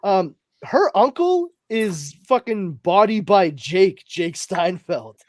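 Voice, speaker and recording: A man's voice: sits high, takes it slowly, no room sound. A man co-hosting a podcast, chatting casually about movies, swearing freely and joking at his own expense. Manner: animated, swears freely, self-deprecating humor. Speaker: podcast co-host. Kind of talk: casual chat.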